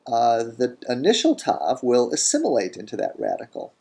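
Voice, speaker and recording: A man teaching a grammar lesson in a recorded lecture, deliberate, saying each word form slowly and repeating it. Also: medium pitch, huge pitch swings, vocal fry, dark tone, breathy edge. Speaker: language teacher.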